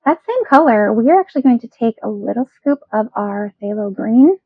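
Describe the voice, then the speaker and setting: A woman's voice: on the high side, lively intonation, a little fast, slightly rough, no echo, narrow, tinny audio. Chatty playful woman painting teacher. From Wisconsin. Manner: chatty, playful, self-encouraging. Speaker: painting instructor. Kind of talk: step-by-step painting lesson.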